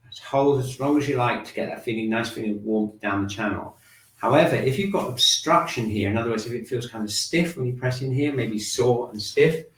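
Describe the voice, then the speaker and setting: A man teaching a shiatsu and qi gong class, talking students through breathing and tapping with calm, gentle prompts. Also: mid-range voice, slight background noise. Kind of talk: guided exercise class. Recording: echoey room, mic at a distance.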